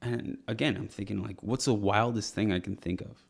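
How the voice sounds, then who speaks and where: With a fairly low, husky voice full of vocal fry, a young man co-hosting a podcast talks a little fast. He rambles through a funny story, laughing a lot and imitating the people involved.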